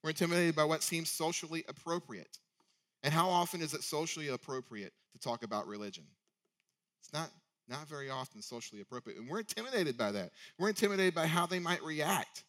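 A man's voice: fairly high pitch, fairly quick, a bit bright. Conversational male preacher with rhetorical questions. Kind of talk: sermon.

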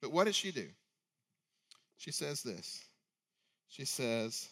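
A man's voice: medium pitch, sing-song, takes it slowly, long pauses, a bit bright, husky. A male preacher giving a sermon in a conversational way, often asking rhetorical questions.

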